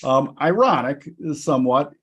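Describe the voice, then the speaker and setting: A man's voice: medium pitch, animated, a little slow, a bit bright, breathy edge. Male host, mid-range voice, loose rambling casual chat. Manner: loose and rambling, many fillers and restarts, laughs easily. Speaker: host of a markets show.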